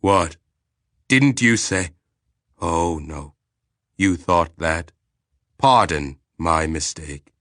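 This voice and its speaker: A man voicing an ancient, calm alien planetary intelligence that speaks in a clinical, measured, literal-minded way. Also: sits low, no echo, studio quality, heavily acted. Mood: detached.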